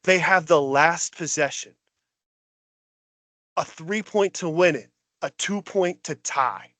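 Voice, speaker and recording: This podcast co-host is a man whose voice runs on the high side, and he talks slowly with no room sound around him. He's ranting about sports, animated and exasperated.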